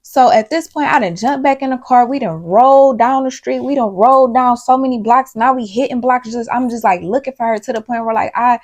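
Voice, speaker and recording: A woman's voice: on the high side, a little fast, hardly any pauses, a little mellow. Worked-up woman telling a storytime. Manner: rambling, emphatic, swears often, talks straight to viewers. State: worked up and worried. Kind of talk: casual storytime monologue.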